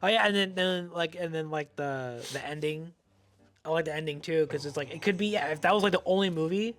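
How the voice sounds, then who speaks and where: A man co-hosting a casual movie chat, laid-back and quick to chime in. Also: on the high side, a bit bright, no echo. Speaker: co-host.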